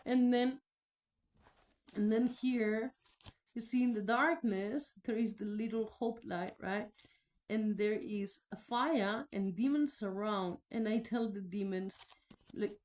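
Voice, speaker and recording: A woman's voice: mid-range voice, slow, a little mellow. A woman whose first language is Spanish gives a personal faith testimony in a candid, rambling way, full of fillers and restarts. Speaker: vlogger.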